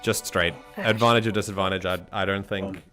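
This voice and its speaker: Brief: low-pitched male game master, loose and chatty, faint music underneath. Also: steady tone, brisk, pushed and bright. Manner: rambling, frequent restarts, chuckling. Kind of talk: narrating a tabletop game.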